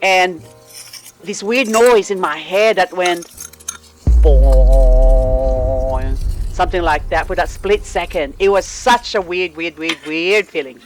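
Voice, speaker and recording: An Australian woman vlogging about her garden, telling a personal story in an animated way and chuckling often. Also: on the low side, rough recording. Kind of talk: personal storytelling while potting plants.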